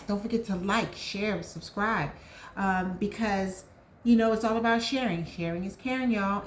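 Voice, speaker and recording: A woman's voice: fairly high pitch, echoey room, a little hiss or hum. A woman hosting her own vlog, chatting casually with viewers and calling them y'all, a bit out of breath, with lots of ums. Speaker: vlog host. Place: home, indoors.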